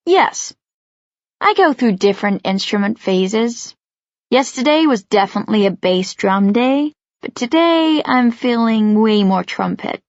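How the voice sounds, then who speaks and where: A woman reads a relaxed, cheerful teenage boy in a storybook, playful and gently reassuring. His lines sit a little above the reader's own voice, and the recording is dry with a slightly muffled top. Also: fairly high pitch, unhurried, no echo. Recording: dry, slightly dull studio sound.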